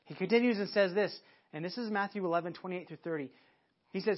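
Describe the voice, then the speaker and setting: A man's voice: high-pitched, fast talker. A man preaching a sermon as a pastor, earnest and often repeating words as he searches for phrasing. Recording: dull lo-fi audio.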